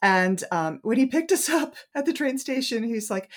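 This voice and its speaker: A woman's voice: on the high side, animated, normal speed. A woman author, a guest on the show, telling a casual anecdote in a chatty way with frequent ums and laughs. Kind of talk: casual storytelling in interview.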